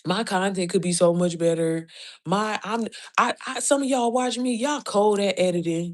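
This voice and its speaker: A woman with a mid-range voice delivers a casual motivational rant straight to her followers. She is blunt and profane, firing off rhetorical questions. Short laughs keep breaking into her preaching. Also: mid-range voice. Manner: quick laughs between points. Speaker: online business coach.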